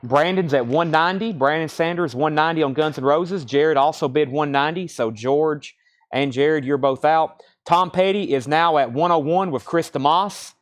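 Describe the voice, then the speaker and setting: A man hosting a live-streamed record sale, reading out titles, prices and bids in brisk auctioneer-style calls. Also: on the high side. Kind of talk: live-stream sales patter.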